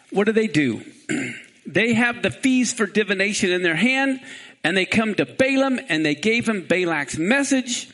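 A man preaching a sermon in a high, bright register that swings widely up and down. He keeps throwing rhetorical questions out to the congregation, animated and emphatic. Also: a little slow.

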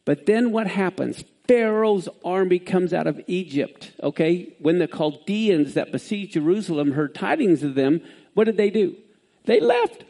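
A man preaching a sermon, reading scripture aloud with sudden swings in pitch. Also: normal speed, warm tone.

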